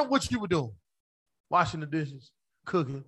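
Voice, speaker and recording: A man preaching a sermon, calling out to the congregation, with playful asides and bursts of shouting. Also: a little high, big pitch swings, unhurried, husky. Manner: preaching with rising shouts, call-and-response to the congregation. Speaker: pastor.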